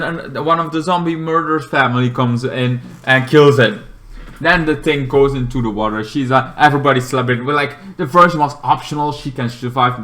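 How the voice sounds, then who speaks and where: A man's voice: mid-range voice, bright, forceful tone. A man in his late twenties casually recapping a movie plot, rambling and padding his sentences with fillers like "kind of thing". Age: 20s. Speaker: movie reviewer.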